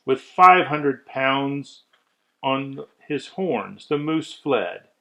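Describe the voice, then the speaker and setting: A man reading a rhyming children's story aloud with measured, expressive delivery. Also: mid-range voice, creaky, poor audio.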